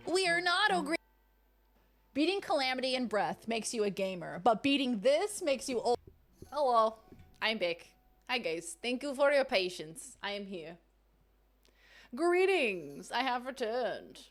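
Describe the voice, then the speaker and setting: A woman's voice: fairly high pitch, big pitch swings, unhurried. A young woman streamer chatting casually and playfully with her viewers while playing a game. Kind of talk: casual livestream gaming chat.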